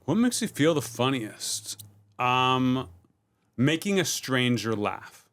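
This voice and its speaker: A man's voice: medium pitch, takes it slowly. A middle-aged man, a comedian, chatting casually as a podcast guest and telling stories in a loose, rambling way. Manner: relaxed, rambling storytelling with many fillers.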